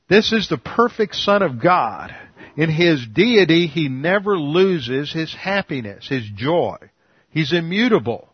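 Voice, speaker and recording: A pastor delivers an earnest teaching sermon in a slightly husky, mid-pitched male voice, leaning on key words by slowing right down. The recording is dull and lo-fi, with a dry, close sound. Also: no room sound. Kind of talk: expository sermon.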